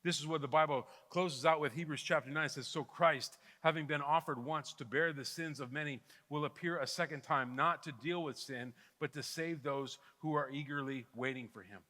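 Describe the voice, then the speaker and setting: A middle-aged man preaching a sermon as pastor, swinging between loud fervent appeals and hushed intimate pleas. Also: fairly high pitch, moderate pace, few pauses. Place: church sanctuary. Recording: long hall reverb with soft guitar underneath.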